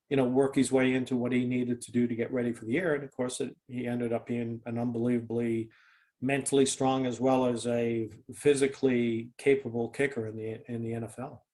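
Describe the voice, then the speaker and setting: A man's voice: medium pitch, little pitch movement, brisk, mellow. An older man, a former football kicker, telling a long story in a casual interview, with many restarts and fillers.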